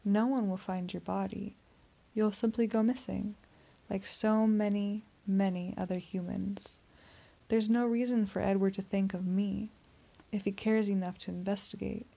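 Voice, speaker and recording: A woman voicing a suave male vampire in an audiobook, speaking in a soft, courteous, menacing purr. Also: mid-range voice, steady tone, measured pace, gravelly. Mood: silky menace. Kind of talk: audiobook character reading.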